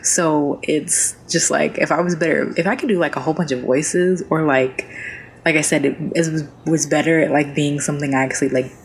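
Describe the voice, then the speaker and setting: A woman's voice: sits low, fairly even intonation, a little fast, a little hiss or hum, low-quality recording. A woman streamer chatting casually as a podcast guest, rambling with many fillers and restarts.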